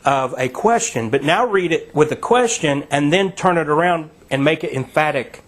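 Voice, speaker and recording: A man's voice: fairly high pitch, moderate pace, fairly bright tone. A man leading a Bible study in a conversational, emphatic teaching style, asking listeners to read verses aloud.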